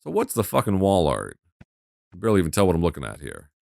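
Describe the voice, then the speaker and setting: A man's voice: low voice, wildly swooping pitch, fast, vocal fry, dark tone, dry recording, clean studio sound. A man giving casual gameplay commentary with crude, sarcastic humor.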